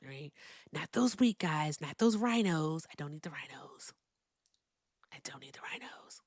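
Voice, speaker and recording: A woman's voice: low voice, expressive, moderate pace, no room sound, clean studio sound, pitched below the performer's own voice. A woman doing a half-whispered impression of a boastful, whiny older male politician who keeps repeating "all right?". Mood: boastful, whining.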